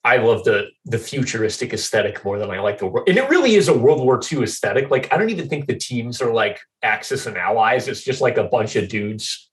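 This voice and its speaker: A man's voice: mid-range voice, expressive, brisk, hardly any pauses, recorded from a distance. A man co-hosting a podcast, chatting casually about games in a laid-back way, laughing easily and swearing offhandedly. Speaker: podcast co-host. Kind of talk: casual gaming chat.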